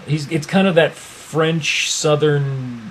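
A man's voice: fairly high pitch, takes it slowly, a loud crowd. A man co-hosting a casual movie review, talking in a hesitant way with many restarts and trailing off. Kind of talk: casual chat.

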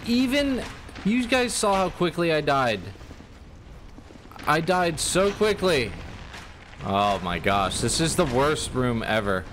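Young guy playing a game and reacting loud, talks kinda slow, hissy background noise. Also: a little high. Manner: excitable, exclaims often. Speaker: let's play gamer. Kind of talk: live gameplay commentary. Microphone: USB desktop microphone.

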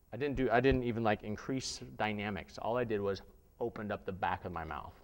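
A man's voice: on the low side, brisk, in a large hall. A man, a theatre instructor, leading a live voice workshop, coaching listeners through exercises. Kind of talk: live workshop lecture with vocal demonstrations.

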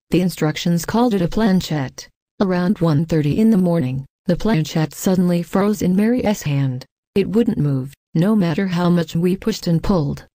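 A woman narrating a scripted ghost story in the first person, reading in a measured, even way and reading out the quoted lines herself. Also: on the low side, no echo.

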